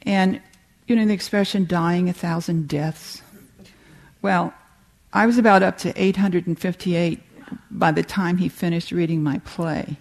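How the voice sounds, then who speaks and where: An older American woman giving a warm, humorous talk on creativity, telling stories and reading slowly from a book. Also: fairly low pitch, steady tone. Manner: warm, humorous storytelling with slow reading passages. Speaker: meditation teacher giving a talk.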